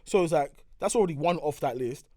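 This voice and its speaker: A young man with a London accent, a podcast guest telling animated stories and acting out other people's lines in casual chat. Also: on the high side, a little fast, crowd noise.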